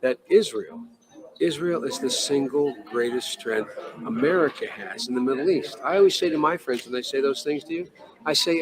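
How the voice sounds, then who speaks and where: Earnest politician speaking to a crowd. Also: male voice, medium pitch, normal speed, low-quality recording. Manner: earnest, anecdotal, dropping to quiet emphasis. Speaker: politician giving a speech. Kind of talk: public speech.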